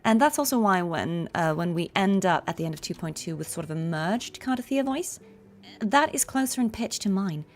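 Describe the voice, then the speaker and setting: A young adult woman, a voice actress, chatting casually on a livestream and explaining voice technique with quick demonstrations. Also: fairly low pitch, expressive. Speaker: voice actress streaming a game.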